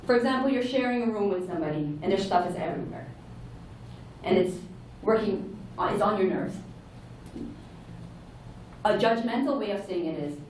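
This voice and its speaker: A woman's voice: medium pitch, moderate pace, long pauses, a little mellow, distant mic, slight background noise. Woman giving a talk in an echoey hall. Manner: earnest, explanatory, with self-corrections. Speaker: conference speaker. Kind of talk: conference talk. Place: large conference hall. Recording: echoey hall, heard from afar.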